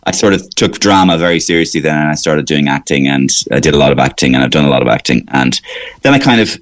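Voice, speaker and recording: A middle-aged Irish comedian telling rambling anecdotes in a radio interview. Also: male voice, rumbling low, lively intonation, fast. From Ireland. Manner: rambling, anecdotal, slips into character voices. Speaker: comedian and impressionist.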